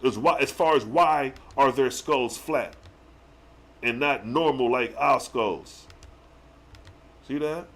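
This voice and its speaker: A man hosting a live religious stream, reading verses slowly and then breaking into excited slang commentary with rhetorical questions. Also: medium pitch. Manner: challenges the listeners with rhetorical questions. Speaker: religious livestream host. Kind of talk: live scripture teaching.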